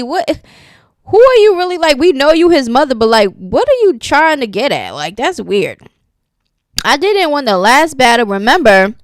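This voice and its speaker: A woman's voice: high-pitched, no room sound, studio quality. Sassy woman dishing gossip commentary. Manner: sassy, reads posts aloud and reacts. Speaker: commentary channel host.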